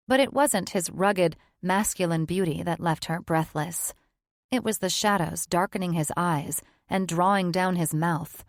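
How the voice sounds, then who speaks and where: Female narrator for a romance audiobook, even pacing, dry studio, lower register. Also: no room sound. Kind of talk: scripted narration.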